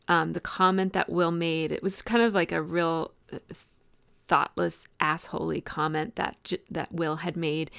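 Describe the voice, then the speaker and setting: Gravelly-voiced woman chatting through her craft. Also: on the low side, no echo, studio quality. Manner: chatty, rambling with frequent ums and restarts. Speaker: art journaling vlogger. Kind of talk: casual voice-over tutorial.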